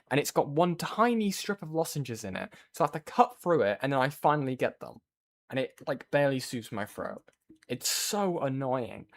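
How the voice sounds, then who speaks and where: A man streaming, chatting casually with viewers and rambling through a story with lots of fillers. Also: fairly high pitch.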